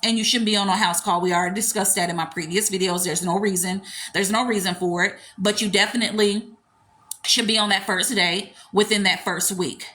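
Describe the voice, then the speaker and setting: A woman's voice: medium pitch, steady tone, fairly quick, bright, forceful tone. A woman dating coach giving blunt, emphatic, slangy advice in a casual livestream.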